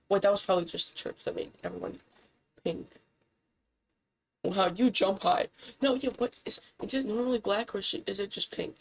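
A woman giving casual gameplay commentary, excitable and incredulous, swearing often and jumping up in pitch when surprised. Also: normal speed, gravelly, pauses often, slight background noise, rough recording.

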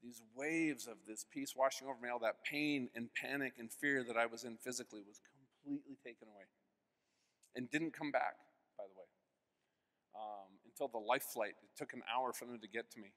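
A man in his fifties giving an earnest personal faith testimony as keynote speaker, telling his story with sudden swings between hushed and loud. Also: mid-range voice, fairly quick. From United States. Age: 50s. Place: large convention hall. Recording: long hall reverb.

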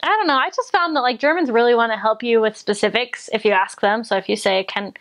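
A young woman from the United States chats about her time abroad in a slightly high voice. She is giggly and loose, filling pauses with fillers as she goes. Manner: chatty, giggly, many fillers. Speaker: returned missionary. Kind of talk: casual chat.

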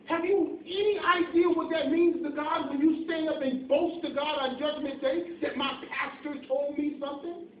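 A man's voice: extremely high pitch, steady tone, normal speed. A man preaching an impassioned, pleading sermon, firing off rhetorical questions at his congregation. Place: church sanctuary. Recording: echoey church, far from mic, tinny phone-like sound, faint noise.

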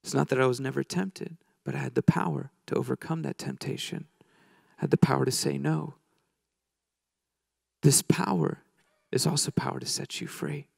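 A male preacher telling a story from the pulpit, loose and joking as he acts out the people in it. His voice has a gravelly edge and sits at an everyday middle pitch. The sound is close and dry, with no room around it. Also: fairly even intonation, moderate pace, darkish tone, dry recording. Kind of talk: storytelling sermon.

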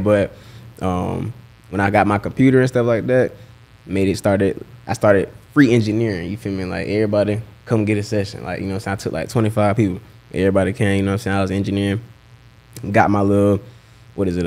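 A young rapper with a Southern US accent talks fast in a slightly low voice. He tells his stories in a laid-back, slang-heavy way. It sounds like a casual interview chat. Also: darkish tone. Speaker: rapper and guest.

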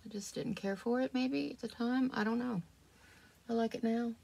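A woman's voice: a little high, fairly even intonation, moderate pace, creaky, a little mellow. A woman, chatting casually and rambling while she does her make-up. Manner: chatty, rambling, self-deprecating. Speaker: vlogger. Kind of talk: casual get-ready-with-me chat.

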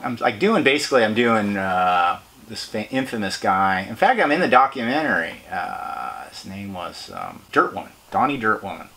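A man's voice: fairly low pitch, big pitch swings, moderate pace, pushed and bright, slight background noise. A man, a guest on an interview show, chatting casually, rambling and laughing as he talks. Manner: rambling, laughing, swearing freely. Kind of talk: casual chat.

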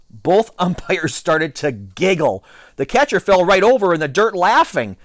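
A man reading a children's novel aloud with expressive storytelling and playful asides. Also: a little high, normal speed, no echo, studio quality. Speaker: reader.

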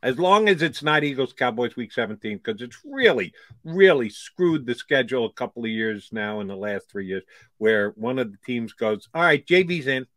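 A man co-hosting a sports talk show, wry and animated with jokey asides. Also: mid-range voice, moderate pace, dry recording. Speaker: sports radio co-host.

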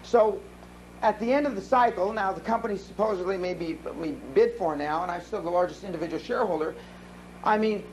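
A man with a high-pitched voice speaks at a seminar, brash and profane as he tells stories to the audience. A faint hiss of live-room noise sits under his voice. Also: poor audio.

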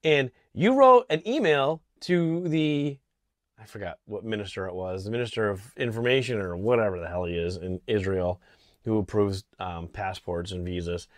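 A man from Connecticut giving an indignant political opinion monologue, halting and restarting often, clearing his throat from allergies. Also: on the low side, animated, dry recording, studio quality. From Connecticut, USA. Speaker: political vlogger. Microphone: small camera mic.

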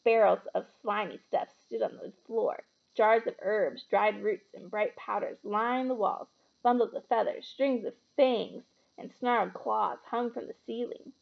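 Gravelly-voiced woman reading a story. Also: mid-range voice, unhurried, highs cut off. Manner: expressive storytelling. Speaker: reader. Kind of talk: reading a novel aloud.

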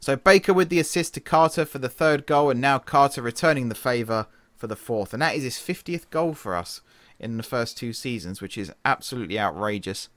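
A man streaming a football management game, giving chatty play-by-play, laughing at his own slips and sounding tired from an early start. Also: no echo. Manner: chatty, self-correcting, quick laughs, shifts from excited to low mutters. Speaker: gaming streamer. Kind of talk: casual game commentary.

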